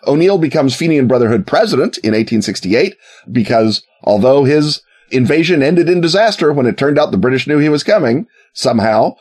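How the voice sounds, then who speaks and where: A man telling a history story in a casual, wry way, with joking asides and quick put-on voices for quoted people. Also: medium pitch, lively intonation, a little mellow.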